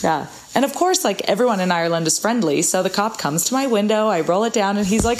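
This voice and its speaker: A woman's voice: medium pitch, quick pace, few pauses, slight background noise. A young woman trades travel stories with a friend in easy, casual talk. She tells them animatedly, sprinkling in "like" as she goes. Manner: animated storytelling, frequent "like". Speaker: podcast co-host. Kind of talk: casual chat.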